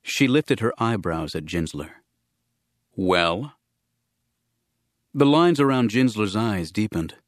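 A man reads a novel aloud with steady, even storytelling. His voice sits low and the recording is close and dry, with no room sound around it. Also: moderate pace, hardly any pauses, dry recording. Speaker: audiobook narrator. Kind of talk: scripted narration.

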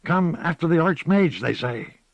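A crafty old witch woman with a raised, hushed, conspiratorial voice, full of folksy knowingness, as a male narrator puts her on. The voice is dry and close, the recording a little muffled. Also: fairly high pitch, big pitch swings, measured pace, gravelly, no room sound, voice pushed up, heavily acted. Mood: sly. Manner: dramatic whispering, folksy speech.

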